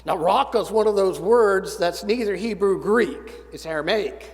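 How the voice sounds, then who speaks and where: A man's voice: high-pitched, measured pace, hardly any pauses, darkish tone. A man in his seventies preaching a sermon, folksy and storytelling with dry humor. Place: church sanctuary. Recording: church sanctuary with long reverb.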